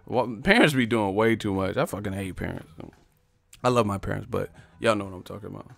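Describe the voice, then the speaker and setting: A man's voice: fairly low pitch, brisk, vocal fry. A man hosting a casual boxing live stream, laughing and swearing as he mocks his chat. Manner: laughing, profane, mocking banter.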